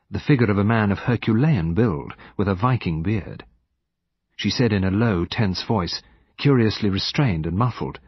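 A man narrates an audiobook in a low, husky voice, with an expressive, dramatic reading. His pitch moves a lot, and the recording sounds dry and dull, as if lo-fi. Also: no room sound.

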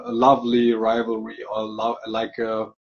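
A man from Germany, speaking as a guest in a casual chat, measured and thoughtful. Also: fairly low pitch, completely flat delivery. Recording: dull lo-fi sound.

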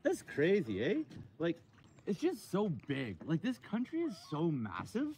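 A man hosting a casual outdoor live stream by a lake, joking and rambling in an animated way. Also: a little high, a little slow, slight background noise.

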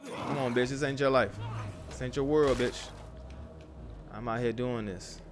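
With noise in the background, a young man speaks a little slowly in a medium pitch while playing a survival game for his YouTube channel. He's a father, and his casual commentary is profane, aimed at himself and the characters on screen.

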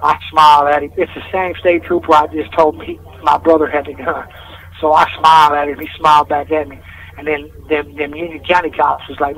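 A man's voice: fairly high pitch, flat delivery, brisk, fairly bright tone. A man calling in from jail, rambling through a story in casual street slang with heavy swearing. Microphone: phone call. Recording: distant, noisy phone line from jail.

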